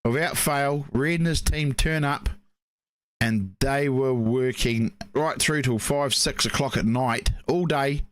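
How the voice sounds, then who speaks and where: A man's voice: medium pitch, takes it slowly, a bit bright, dry recording. A man with a New Zealand accent, co-hosting a casual live stream and telling rambling stories full of fillers. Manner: rambling, chatty storytelling with many fillers. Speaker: co-host.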